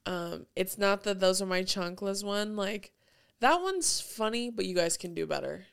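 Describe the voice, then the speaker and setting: A woman's voice: medium pitch, expressive, normal speed, gravelly, clean tone. A young woman in casual chat, talking loosely with lots of "like" and frequent laughter. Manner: chatty, heavy use of "like", laughs often.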